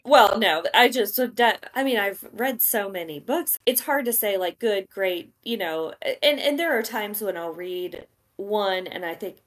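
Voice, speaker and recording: A woman's voice: medium pitch, animated, unhurried, fairly bright tone. Dryly amused woman book editor. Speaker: book editor, podcast guest. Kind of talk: casual chat.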